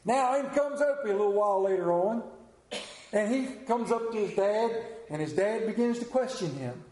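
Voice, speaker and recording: A man's voice: high-pitched, expressive, moderate pace, dark tone. A man telling a story in a folksy, heartfelt way. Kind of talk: retelling a TV episode to an audience. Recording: roomy echo.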